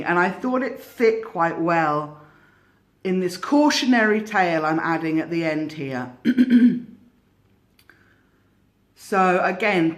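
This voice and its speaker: A woman hosting a tarot channel, casually telling a cautionary story in a musing way with hesitant restarts. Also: lowish voice.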